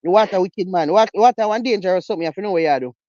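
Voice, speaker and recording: A woman with a Jamaican accent talking in patois in a casual live-stream chat, animated and emphatic. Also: mid-range voice, very fast, no echo, muffled recording. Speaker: co-host.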